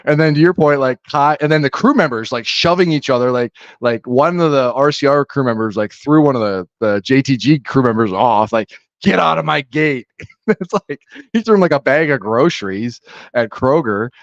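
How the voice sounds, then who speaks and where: A man in a middle register, recounting events in a relaxed, meandering way. His mic sounds a little dull and lo-fi, and the room is dry. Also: mid-range voice, moderate pace, no echo. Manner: relaxed storyteller, lots of "like" fillers. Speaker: podcast co-host. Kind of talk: casual podcast chat.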